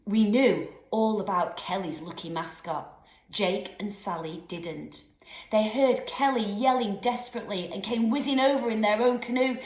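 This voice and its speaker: A woman teacher reading a children's novel aloud with expressive storytelling. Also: mid-range voice, normal speed. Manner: expressive storytelling with lively voices. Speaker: primary school teacher. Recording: roomy echoey room.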